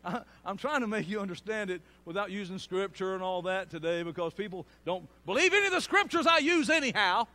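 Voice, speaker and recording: High, lively preacher man. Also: brisk, hardly any pauses. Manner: storytelling with loud bursts and laughter. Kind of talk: sermon.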